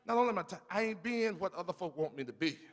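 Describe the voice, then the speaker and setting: Fervent high-voiced preacher in echoing church. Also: male voice, lively intonation, fast talker. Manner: fervent preaching, calls for congregation responses. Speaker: pastor. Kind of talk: sermon. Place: church sanctuary. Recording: long reverb of a church sanctuary.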